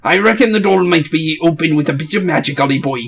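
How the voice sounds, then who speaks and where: A man's voice: a little high, fast, gravelly, a bit bright, a little hiss or hum. Man putting on a cheeky fairy. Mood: wry. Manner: folksy, blunt, teasing slang. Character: chatty cheeky male fairy companion.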